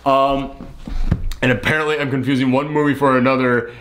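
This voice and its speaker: A man's voice: mid-range voice, little pitch movement, a little fast, fairly bright tone, slight background noise. A man co-hosting a casual movie review, rambling and laughing at his own mix-ups, sleep-deprived. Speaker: film review co-host.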